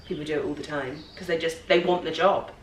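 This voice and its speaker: Young woman, lowish voice, reflective casual chat, echoey room, faint hiss. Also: steady tone, quick pace. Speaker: co-host. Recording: roomy, distant mic, faint hiss.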